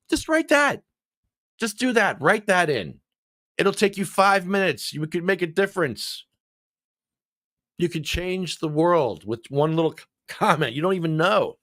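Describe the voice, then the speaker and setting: A male show host in casual livestream commentary, talking back to what he reads in an animated way. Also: high-pitched, a little slow, no echo, clean studio sound.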